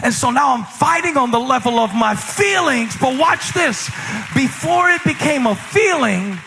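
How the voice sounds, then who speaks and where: A male pastor in his forties preaching a sermon, moving between loud preaching and quiet, low asides, confessional and self-mocking. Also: expressive, unhurried, big-room sound, a faint crowd, a little hiss or hum. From United States. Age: 40s.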